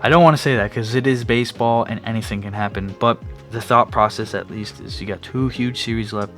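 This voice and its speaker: A man's voice: fairly low pitch, fairly quick, a bit bright. A young man hosting his own sports podcast, talking casually in a rambling way, with frequent restarts and fillers. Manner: yawning at times. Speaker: podcast host. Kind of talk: casual solo sports talk. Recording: faint background music.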